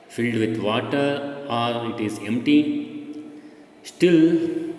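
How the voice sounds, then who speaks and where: A man's voice: medium pitch, darkish tone. A male teacher, giving a recorded lesson to young children, patient and repetitive, often checking whether they follow and spelling words out. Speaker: schoolteacher. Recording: echoey room, long reverb, faint noise.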